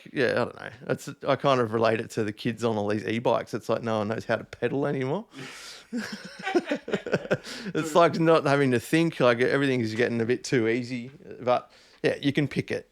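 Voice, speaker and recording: A man's voice: medium pitch, vocal fry. A man, a DJ guest, chatting loosely and swearing freely in a casual conversation. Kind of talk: casual chat.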